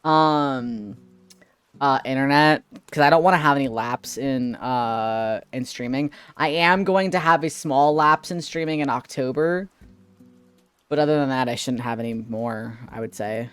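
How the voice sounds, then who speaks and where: A man's voice: mid-range voice, a little slow, a bit bright, clean tone, no room sound, soft background music. A man streaming as a VTuber, chatting casually with his viewers. He jokes sarcastically, laughs often and fills his talk with "like" and "um". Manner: many fillers like "like" and "um". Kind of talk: casual live-stream chat.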